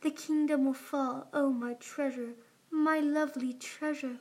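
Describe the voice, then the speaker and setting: A woman's voice: sits high, steady tone, measured pace, voice pushed up. A woman voicing a small, timid young female dragon pretending to be a grand queen. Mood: mock grand. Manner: hesitant, playacting a grand queen.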